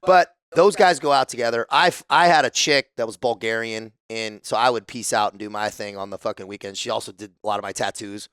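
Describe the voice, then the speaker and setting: A man from the United States, a podcast guest telling stories in a casual, profane, animated way. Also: lowish voice, brisk, few pauses, clean tone, no echo, clean studio sound. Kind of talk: casual storytelling.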